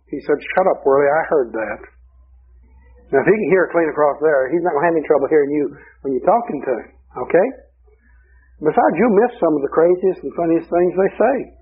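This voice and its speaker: A man's voice: fairly high pitch, slightly rough, narrow, tinny audio. A male preacher delivering a sermon through folksy, humorous storytelling.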